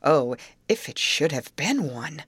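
A woman voicing a timid, gentle young girl who speaks in a soft, wondering way. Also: low-pitched, sing-song, takes it slowly, breathy edge, dry recording, full character voice. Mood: uneasy.

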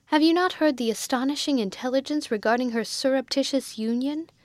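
A timid spinster companion, put on by a woman reading aloud, fluttery and prim. She is pitched very high, nervous and proper. The sound is dry and close. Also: brisk, no echo, lightly acted.

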